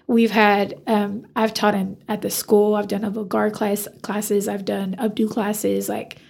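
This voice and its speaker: A woman's voice: medium pitch, a little slow, vocal fry, breathy edge. A woman, a hairstylist, telling a story in a casual interview and acting out the dialogue. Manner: animated, acts out quoted dialogue. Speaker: hairstylist guest.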